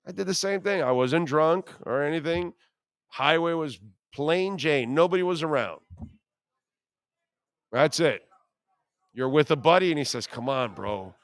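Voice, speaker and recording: Man in his fifties, sports radio host, slightly high voice, brash and profane, dry studio sound. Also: a little slow, pauses often, no room sound. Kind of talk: casual talk radio.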